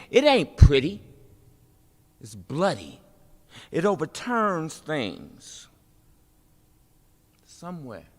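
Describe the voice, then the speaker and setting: Slow, emphatic woman performing spoken word. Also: fairly low pitch. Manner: rhythmic, emphatic, repeating refrains with dramatic pauses. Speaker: poet and city politician speaking at a festival. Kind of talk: spoken-word poetry performance, then informal remarks. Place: festival event hall. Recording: long reverb of a large hall.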